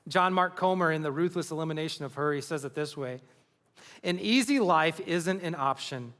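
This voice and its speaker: A man's voice: fairly high pitch, moderate pace, fairly bright tone, in a large hall. A man preaching a sermon as pastor, earnest and building to passionate emphasis. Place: large church hall.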